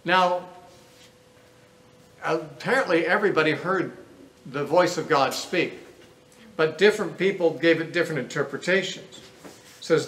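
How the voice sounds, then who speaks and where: In a lecture room, a man teaches a Bible class, reasoning aloud through scripture in an earnest lecture. His voice is a little high and fairly bright, unhurried, with long pauses, and the recording carries a roomy echo and faint background noise.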